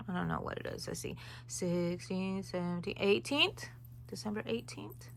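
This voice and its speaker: A woman's voice: medium pitch, expressive, normal speed, creaky, fairly bright tone, slight background noise. A woman hosting a crochet tutorial, talking viewers through each stitch in a casual, rambling way with chatty asides. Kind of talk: casual step-by-step tutorial chat.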